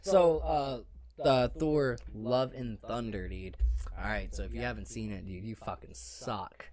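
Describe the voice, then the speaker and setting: Brief: Casual podcast co-host, a man who swears freely and rambles through animated stories. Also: mid-range voice, unhurried. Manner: rambling, profane, animated storytelling. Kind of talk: casual drinking-podcast chat.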